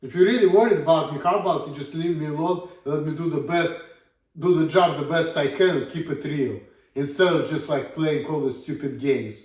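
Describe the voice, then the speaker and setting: A man's voice: a little high, a little fast, darkish tone. A man in his thirties with a Russian accent, ranting bluntly and swearing a lot in a casual monologue. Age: 30s. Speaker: vlogger. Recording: echoey room, from far off.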